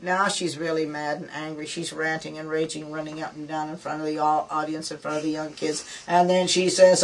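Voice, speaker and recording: A woman's voice: low-pitched, little pitch movement, a little fast, few pauses, far from the mic, rough recording. An older woman, a former burlesque dancer, telling rambling stories on a guided tour and laughing as she talks. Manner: rambling anecdotal, laughs while talking.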